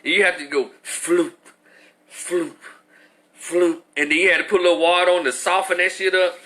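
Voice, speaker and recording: A man in his forties telling a story as a profane, animated rant, acting out other people's voices. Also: high voice, moderate pace. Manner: animated, acts out voices, swears freely. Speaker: commentator.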